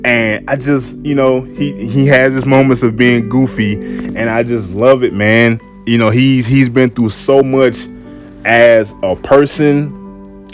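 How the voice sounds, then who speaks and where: A man's voice: mid-range voice, fairly even intonation, slow, soft background music. A man hosting a casual solo podcast, laid-back and repetitive, often saying "man". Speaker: podcast host.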